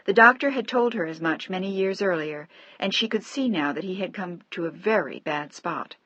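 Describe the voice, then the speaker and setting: A woman narrating a romance novel in a measured, steady audiobook reading. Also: lowish voice, no room sound. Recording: dry, slightly dull audio.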